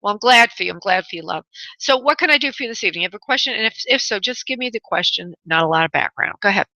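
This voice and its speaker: A woman hosting psychic call-in radio, her voice bright and forward in a dry, close sound. She soothes callers with honey and love and thinks aloud as she tunes in. The audio is a little dull and lo-fi. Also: medium pitch, animated, no echo. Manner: thinks aloud, pauses to tune in. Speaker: radio show host and spirit medium.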